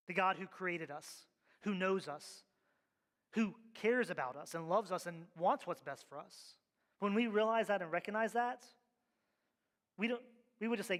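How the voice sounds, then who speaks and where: A man's voice: high-pitched, normal speed, fairly bright tone. A male pastor preaching a sermon, with emphatic, rhythmic repeated refrains, in a church sanctuary. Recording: long reverb of a large hall.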